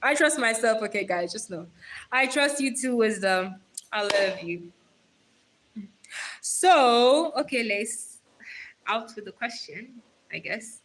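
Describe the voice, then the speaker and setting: A woman's voice: a little high, expressive, slow, pauses often, fairly bright tone, slight background noise, low-quality recording. A young woman hosting a casual livestream on her phone, reading out viewer comments and talking straight to them in a chatty, giggly way. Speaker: livestream host.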